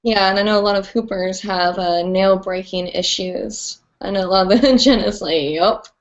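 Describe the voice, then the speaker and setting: A woman's voice: medium pitch, normal speed. A woman hosting a live online chat show, bubbly and chatty with lots of "like"s. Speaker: host. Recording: dull lo-fi stream audio.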